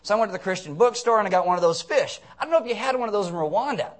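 A man's voice: medium pitch, racing, fairly bright tone, close to an everyday voice. A man playing a self-pitying, comfortable churchgoer in a sarcastic, mock-earnest sermon bit.

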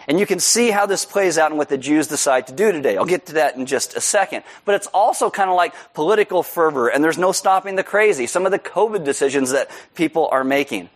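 Male pastor preaching, kinda high voice, jokey and self-mocking, gets loud when he acts stuff out. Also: a little fast, few pauses. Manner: animated, acts out quotes with loud high shouts; joking, self-deprecating. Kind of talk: sermon with storytelling.

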